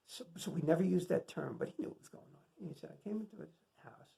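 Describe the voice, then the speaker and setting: Gravelly man telling film anecdotes. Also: a little high, big pitch swings, quick pace, few pauses, mellow. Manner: storytelling, retelling anecdotes with frequent fillers and restarts. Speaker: film lecturer introducing a screening. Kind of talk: casual spoken film introduction.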